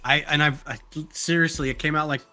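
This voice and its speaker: Bright-voiced man telling stories. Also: a little high, a little fast, soft background music. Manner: animated storyteller, acts out quoted lines. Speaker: livestream host. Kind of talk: casual chat on a building livestream.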